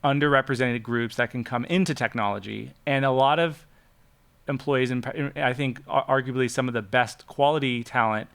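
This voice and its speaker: Roundtable guest, man, smooth clear voice, thoughtful and earnest. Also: mid-range voice, fairly even intonation, a bit bright. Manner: measured, earnest, restarts mid-sentence. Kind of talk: casual roundtable chat.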